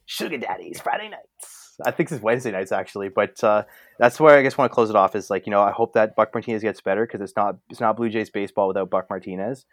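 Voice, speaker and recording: Man, casual sports chat, rambling, fillers, lowish voice, dry recording. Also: quick pace, dry recording. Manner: rambling with many fillers and restarts. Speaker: podcast co-host.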